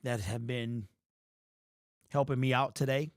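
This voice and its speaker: A man hosting a sports fan livestream, tired and emotional, his frustrated talk rising into shouted rants. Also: mid-range voice, lively intonation, moderate pace, no room sound, studio quality.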